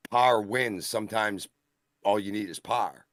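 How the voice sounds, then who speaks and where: Co-host type, man with a deep voice, jokey and quick to laugh, dry mic. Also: a bit bright, dry recording. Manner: joking, laughs often, slips into put-on Boston voices. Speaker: wrestling show co-host. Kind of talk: casual live-stream banter.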